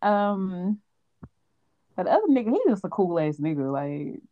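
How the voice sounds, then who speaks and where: A woman's voice: on the low side, very animated, moderate pace, mellow, dull audio. A young adult woman co-hosting a casual chat, often hedging and correcting herself as she talks, with frequent laughs. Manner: hesitant, self-correcting, laughs a lot. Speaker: podcast co-host.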